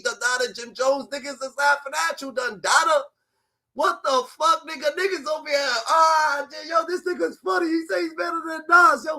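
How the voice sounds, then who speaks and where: A man's voice: very high voice, bright, forceful tone. A man with a New York accent ranting heatedly and profanely about a rapper, peppering his talk with repeated "da, da, da" fillers. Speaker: streamer commentator. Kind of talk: heated reaction rant.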